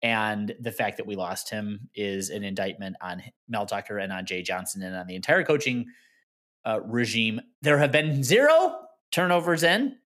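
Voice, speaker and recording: A man's voice: on the low side, animated, moderate pace, a bit bright. Sarcastic ranting male podcast co-host. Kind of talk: casual sports podcast chat.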